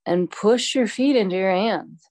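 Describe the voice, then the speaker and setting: A woman teaching a yoga class, calmly cueing poses and breaths with chatty asides. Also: medium pitch, measured pace, dry recording. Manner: calm, instructive, chatty asides.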